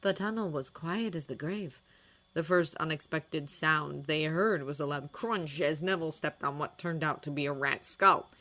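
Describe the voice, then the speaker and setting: Female narrator, low register, expressive dramatic audiobook reading. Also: normal speed. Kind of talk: fan fiction audiobook reading.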